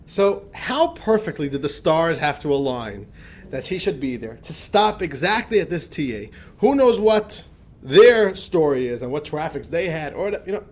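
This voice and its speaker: A man, a rabbi, telling a personal story in a lively, conversational lecture with frequent restarts. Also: fairly high pitch, normal speed. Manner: animated anecdotal storytelling with many restarts.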